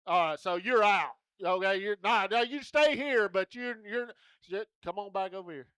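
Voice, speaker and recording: A man's voice: high voice, normal speed, a bit bright, smooth, no room sound, studio quality. A man at a rodeo arena, coaxing children into a contest in a folksy, joking way over a handheld mic. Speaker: rodeo entertainer running a kids' contest. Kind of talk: lively arena crowd-work.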